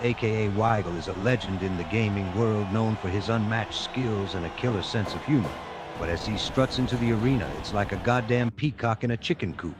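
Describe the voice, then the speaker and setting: A male co-commentator with a very low voice calls a wrestling match in a cheesy, upbeat way. He leans on folksy stock phrases. Music plays clearly underneath.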